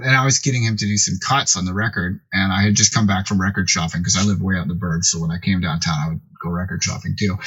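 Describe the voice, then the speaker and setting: A middle-aged man with a husky, slightly rough voice tells a rambling story as a podcast guest. He talks casually and jumps into loud, animated impressions when quoting other people. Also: on the low side, low-quality recording. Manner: animated, acts out quoted voices loudly. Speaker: podcast guest, music producer.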